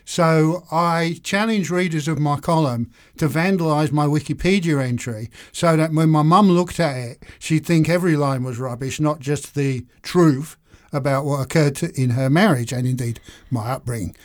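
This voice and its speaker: A man's voice: fairly high pitch, moderate pace. A man, a guest author chatting in a podcast interview, wry and self-mocking, often breaking into laughs. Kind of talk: casual interview chat.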